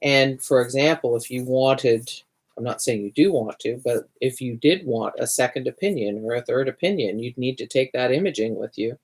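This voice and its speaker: Low-voiced woman chatting while she draws. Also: normal speed, a little mellow, breathy edge. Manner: chatty, restarts sentences, mutters to herself while working. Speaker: host of a livestreamed art party. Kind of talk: casual livestream chat while drawing.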